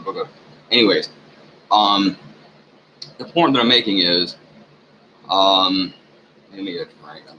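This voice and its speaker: Profane rambling man, low voice. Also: sharp tone. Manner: profane, ranting, halting with many fillers. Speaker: channel owner. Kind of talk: rambling monologue. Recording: dull lo-fi recording with faint hiss.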